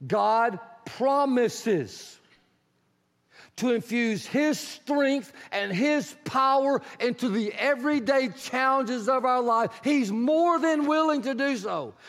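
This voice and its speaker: A man delivers a sermon in a very high voice, telling the stories with lively energy and acting out the people in them. At points he rises into shouting. His voice rings with a long reverb, as if in a large hall. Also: slow pace. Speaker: preacher.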